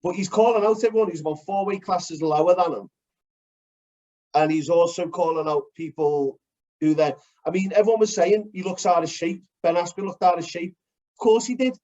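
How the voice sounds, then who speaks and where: Give me a man with a slightly high voice talking fights bluntly and with lots of swearing, recorded lo-fi. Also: moderate pace. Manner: blunt, sweary and animated, breaking down fight technique. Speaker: podcast co-host. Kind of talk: casual chat. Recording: dull lo-fi recording.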